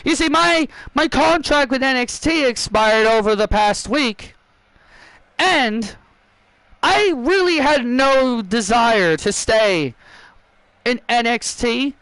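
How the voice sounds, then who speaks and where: A man's voice: very high voice, animated, slow pace, a bit bright, clean tone, dry recording, exaggerated voice, low-quality recording. A man voicing a cocky female wrestler who shows up demanding a title shot, in a mocking, boastful way. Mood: smug. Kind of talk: voicing wrestlers over a video game.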